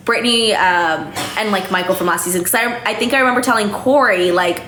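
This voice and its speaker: Streaming live from home, this young host is talkative and slightly tipsy, filling her speech with fillers and casual curses. She speaks a little fast with few pauses in a medium-pitched, pushed, bright voice; the room echoes and faint noise is present.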